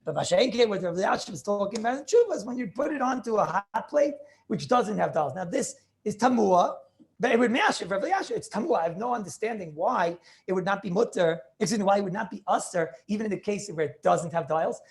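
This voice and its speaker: Emphatic rabbi teaching over a video call. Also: male voice, high voice, animated, quick pace, gravelly. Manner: emphatic, questioning students, thinking aloud. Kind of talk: Talmudic law lecture.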